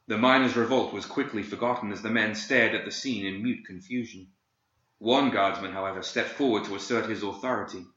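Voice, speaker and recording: A man reads a dark fantasy story aloud in a steady, measured way, with a bright, forceful edge to his fairly low voice. The room rings around him, and the sound is a little dull. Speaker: narrator. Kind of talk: dramatic story narration. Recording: roomy, slightly dull home recording.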